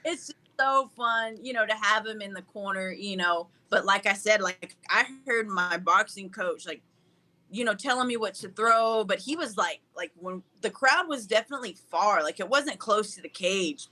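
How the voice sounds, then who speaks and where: A young woman fighter, appearing as an interview guest, tells her story in a casual, upbeat, goofy way and laughs often. Her mid-range voice has a sharp tone and moves at a normal speed.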